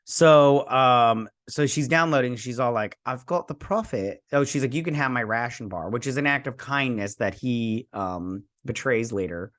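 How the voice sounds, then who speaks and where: A man from Michigan, USA, hosts a casual recap and review of a TV episode, rambling through the plot with loose retellings and frequent restarts. His mid-range voice is a bit bright, and he speaks at normal speed with few pauses.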